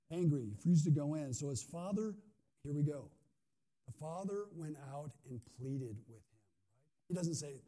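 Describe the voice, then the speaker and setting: Mellow-voiced man preaching conversationally. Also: mid-range voice. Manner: conversational, asks the audience questions. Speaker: pastor. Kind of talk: sermon.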